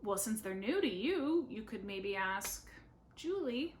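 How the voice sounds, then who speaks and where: A young woman speech therapist at home, modeling practice questions slowly and deliberately with playful, self-teasing asides. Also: medium pitch, very animated. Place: home living room.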